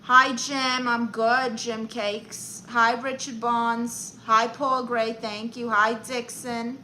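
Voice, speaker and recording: Brash Brooklyn-accented woman, bright sharp voice. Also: fairly high pitch, flat delivery, slow pace, a little hiss or hum, rough recording. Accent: Brooklyn New York. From Brooklyn, New York. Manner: brash, chatty, greeting viewers and reading chat aloud. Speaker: livestream comedy host. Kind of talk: in-character live-stream chat.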